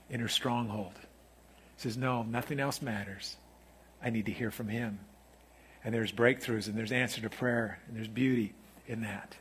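A middle-aged man preaching a sermon as pastor, moving from quiet, intimate stretches to loud, emphatic ones. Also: mid-range voice, slightly rough.

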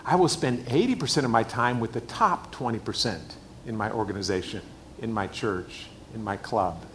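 A man's voice: lowish voice, moderate pace, slight background noise. A middle-aged man preaching a sermon in a church, emphatic and repeating his key phrases. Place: church hall with a screen.

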